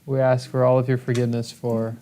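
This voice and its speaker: A man keeps a livestream going, reading out viewer comments and teasing his co-host in easygoing chat. His pitch sits in an ordinary middle range, and the delivery is relaxed and playful. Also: brisk. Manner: reads viewer comments aloud, playful banter. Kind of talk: casual chat.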